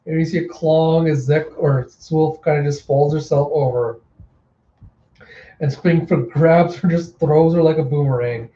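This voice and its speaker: Mellow-voiced man narrating a manga. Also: fairly high pitch, steady tone, a little slow. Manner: plain narration with a few slips. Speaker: reader. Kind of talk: casual manga readthrough narration. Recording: echoey room, dull lo-fi sound.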